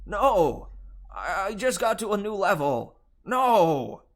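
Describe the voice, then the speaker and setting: A man voicing an excitable young satyr boy who shouts frantically while hooked on a video game. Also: medium pitch, slow pace, creaky, heavily acted. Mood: frantic.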